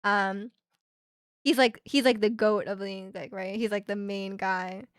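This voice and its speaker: A woman's voice: mid-range voice, steady tone, unhurried, clean tone, no room sound, clean studio sound. A young woman streaming, chatting casually with her viewers and retelling ads in a rambling way with many fillers.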